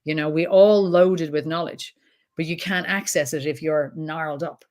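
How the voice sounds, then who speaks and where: A woman's voice: low-pitched, fairly even intonation, normal speed, a little mellow. Earnest woman, repeating words for emphasis. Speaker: trauma expert guest. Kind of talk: casual interview chat.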